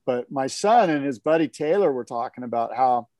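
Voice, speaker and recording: A man co-hosting a podcast, chatting casually about surfing in an animated, rambling way with many fillers. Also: mid-range voice, moderate pace, no room sound. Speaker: podcast co-host. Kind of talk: casual surf talk chat.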